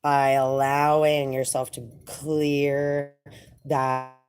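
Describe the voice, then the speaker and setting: Low-voiced woman musing on spirit. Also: very slow. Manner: animated, slangy, laughing, rambling. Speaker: spiritual channeler. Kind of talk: casual spiritual monologue.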